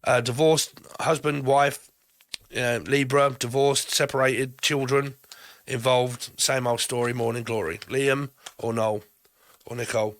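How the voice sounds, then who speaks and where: A man talks his way through a tarot reading, jumping from card to card. He swears freely and laughs between his thoughts, at an ordinary middle pitch. The sound is dry and close, with no room echo. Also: steady tone, measured pace, a bit bright. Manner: rambling, swears often, laughs between phrases. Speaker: tarot reader.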